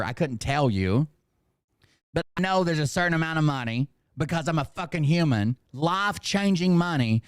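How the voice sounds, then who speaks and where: A middle-aged man streaming an unscripted commentary rant, swearing freely and arguing straight at his chat. His voice sits a little high for a man and comes across dry and close, with no room sound. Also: clear, resonant tone, no room sound. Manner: profane, emphatic, talks to chat directly.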